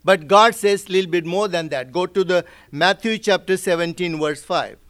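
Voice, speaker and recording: A man's voice: sits high, moderate pace, fairly bright tone. A man preaching as a pastor, explaining Bible verses step by step and asking rhetorical questions. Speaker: pastor teaching a Bible study. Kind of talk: sermon.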